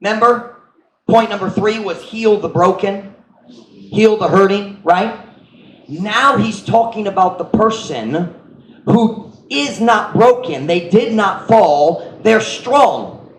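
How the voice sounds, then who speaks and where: A male pastor preaches in a fairly high voice, moving between English and Cebuano as he calls people up to act out his points. The sound rings around a reverberant church room, with a faint ambient hum behind him. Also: slow. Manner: switches between English and Cebuano, animated with stage demonstrations. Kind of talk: sermon.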